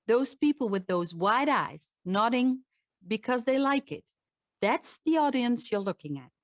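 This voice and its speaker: A middle-aged woman with a Dutch accent, a voice and presentation coach giving an online talk, speaking slowly and emphatically with frequent restarts. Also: fairly high pitch, animated, no room sound, clean studio sound.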